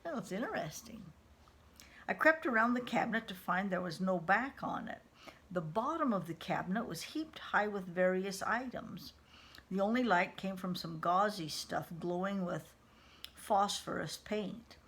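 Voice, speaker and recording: A woman's voice: medium pitch, moderate pace, fairly bright tone, slightly rough. A woman reading a first-person novel aloud, stopping now and then to comment in a casual way. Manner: unpolished reading, stops to comment. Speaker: reader of a novel.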